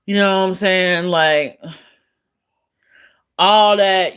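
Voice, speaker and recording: A woman's voice: on the low side, fairly even intonation, drawn-out words, pauses often, fairly bright tone, clear, resonant tone. A woman live streamer chatting casually with her viewers, blunt and profane, often breaking into laughter as she answers trolls.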